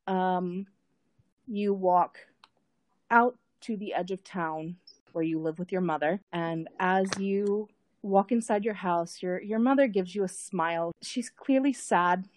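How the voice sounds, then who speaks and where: A woman narrating a tabletop role-playing scene as game master, unhurried, thinking aloud with frequent fillers and repeated words. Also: fairly low pitch, a little mellow, no echo.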